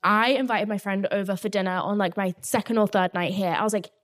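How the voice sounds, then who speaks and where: A woman talks to her podcast audience from her new flat. She rambles in a casual, animated way, with plenty of "like" and a lot of swearing. Her voice sits at a middle pitch for a woman. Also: fast. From England. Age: 20s. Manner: chatty and animated, swears freely, many "like" fillers. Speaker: podcast host. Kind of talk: casual solo chat.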